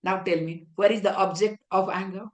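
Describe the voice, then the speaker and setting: A woman's voice: mid-range voice, steady tone, a little fast, darkish tone. A woman spiritual teacher giving a scriptural discourse, explaining patiently with many rhetorical questions and reciting verses in chant-like phrases. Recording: echoey room.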